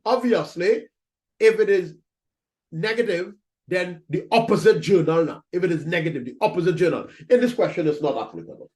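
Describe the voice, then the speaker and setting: A man's voice: sits high, animated, fairly quick, a little mellow. A man teaching accounting in a recorded lecture, talking students through entries step by step, repeating his points and checking in with "right?". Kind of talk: screen-recorded lecture walkthrough.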